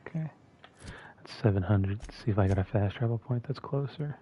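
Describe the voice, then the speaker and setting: Low-voiced man musing over gameplay. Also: fairly quick, muffled recording, slight background noise. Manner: mumbly and musing, thinking aloud. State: talking with a mint in his mouth. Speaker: gameplay streamer. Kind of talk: casual gameplay commentary.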